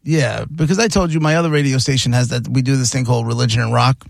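A man's voice: medium pitch, fast, creaky, dry recording, clean studio sound. A man, a radio host chatting casually and enthusiastically telling stories.

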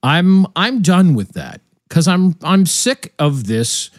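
A man hosting a political talk podcast, animated and opinionated, sounding tired, often restarting his sentences. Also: sits high, slow pace, dry recording, clean studio sound. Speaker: podcast host. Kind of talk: casual political talk show chat.

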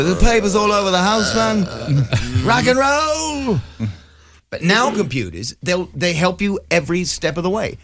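A man's voice: high-pitched, very animated, moderate pace, a crowd in the background. A middle-aged man, a comedian guest on a radio show, telling rambling jokey stories and acting out voices. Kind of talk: comic storytelling on radio.

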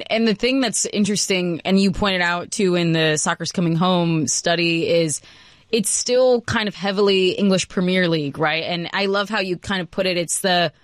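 A woman interviews her guest, asking questions in an attentive, affirming manner. Her voice sits fairly low, and the sound is dry and close. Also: no room sound. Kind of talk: conversational interview.

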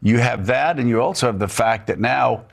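A man's voice: mid-range voice, normal speed, vocal fry. A man hosting a political talk show, talking emphatically with sarcastic asides. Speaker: host.

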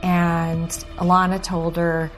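A woman in an interview, excitedly recalling good news. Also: lowish voice, slow pace, soft background music.

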